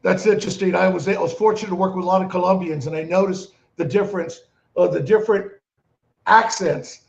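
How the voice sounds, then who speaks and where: A man's voice: high voice, fairly even intonation, brisk, vocal fry, a little hiss or hum. A man co-hosting a podcast, chiming in thoughtfully during a casual chat, on a muffled, echoey remote line. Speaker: podcast co-host.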